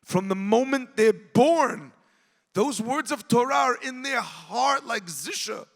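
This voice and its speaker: A man, a rabbi, giving an impassioned storytelling speech at an event, rising at times to shouts. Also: extremely high pitch, expressive, takes it slowly, gravelly, long reverb tail. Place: large event hall.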